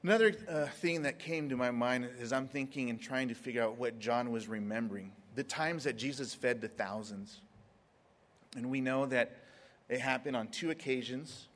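A man preaching a sermon in a mid-pitched voice. He stretches key words, leaves long pauses, and slips into quoted voices to act out scenes. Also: big-room sound. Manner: dramatic pauses, acts out Bible scenes in quotes.

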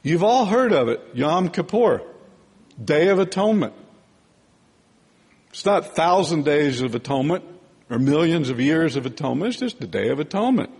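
A man teaching a sermon in a relaxed, conversational way, often checking in with "right?" and "okay?". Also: a little high, moderate pace, pauses often, breathy edge, long reverb tail.

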